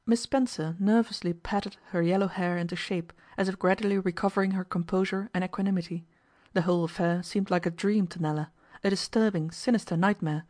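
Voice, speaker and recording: A woman's voice: on the low side, darkish tone. Woman narrating a classic audiobook. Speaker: audiobook reader.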